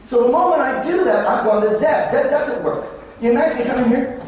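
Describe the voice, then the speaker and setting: A man's voice: very high-pitched, lively intonation, a little fast, a little mellow, slight background noise. A middle-aged Australian man giving a conference presentation, telling jokey anecdotes to make his points. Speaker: conference speaker. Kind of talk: motivational presentation. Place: large conference hall. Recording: echoey hall from far off.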